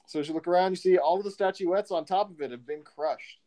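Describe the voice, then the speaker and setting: A man running a tabletop game as dungeon master, narrating in an animated way and laughing often. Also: sits high, quick pace.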